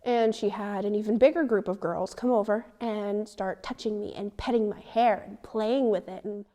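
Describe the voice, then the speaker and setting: A teenage girl telling a personal story in an interview, animated and indignant, acting out the dialogue. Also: medium pitch, normal speed. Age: teens. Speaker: student interviewee.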